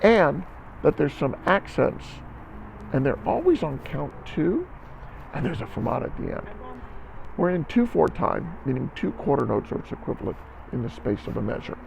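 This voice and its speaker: In an instructional music video, a man leads a band lesson at a moderate pace, counting out loud, coaching, and frequently asking "okay?". His slightly high voice swings widely in pitch and sounds gravelly with a darkish tone. The recording is rough, with a little hiss or hum.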